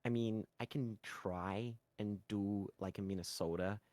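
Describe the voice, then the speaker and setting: British man, very deep voice, casual chatty talk, voice call, dry sound. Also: fairly even intonation, a little slow, darkish tone, dry recording. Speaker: guest ASMR roleplay creator. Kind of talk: casual chat.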